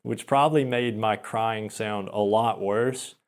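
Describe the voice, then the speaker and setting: A man's voice: fairly low pitch, a little slow. Rambling self-deprecating young man. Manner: rambling, self-deprecating, frequent restarts and laughs. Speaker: podcaster. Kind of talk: casual storytelling monologue.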